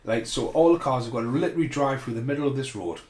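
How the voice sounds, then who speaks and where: A man's voice: medium pitch, fast talker, a little mellow. A man hosting a casual film commentary podcast, rambling and swearing freely as he rants. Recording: roomy echo.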